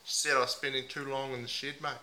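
A man putting on a rough, down-on-his-luck bloke character with a broad put-on Australian accent, talking mock-earnestly and ending nearly every sentence with "mate". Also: mid-range voice, little pitch movement, quick pace, sharp tone, slight background noise, rough recording. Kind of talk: improvised comedy character.

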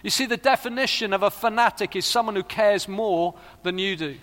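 A man's voice: high voice, a little fast, a bit bright. A middle-aged man preaching a sermon, earnest and rising to fervent appeals. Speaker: pastor. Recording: long reverb of a large hall.

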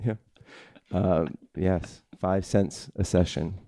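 Male host, low-key deadpan humor, very dry close sound. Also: slow, vocal fry, dry recording. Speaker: show host. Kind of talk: casual studio chat.

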